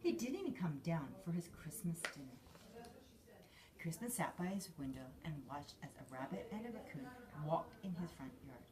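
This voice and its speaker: A woman's voice: low voice, normal speed, a crowd in the background. A woman reading a children's story aloud, acting out each character as she goes. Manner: lively, acts out each character. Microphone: filmed on a handheld camera.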